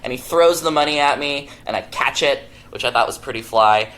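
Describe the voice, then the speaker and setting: A man's voice: mid-range voice, fairly quick, a bit bright, slight background noise. A young man, a podcast producer, telling stories casually and acting out the quotes as he goes, laughing often. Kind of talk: casual storytelling.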